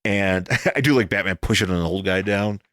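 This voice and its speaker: A man co-hosting a casual comic book podcast, jokey and animated, often acting out characters in silly voices. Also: sits low, moderate pace, no room sound, studio quality. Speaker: podcast co-host.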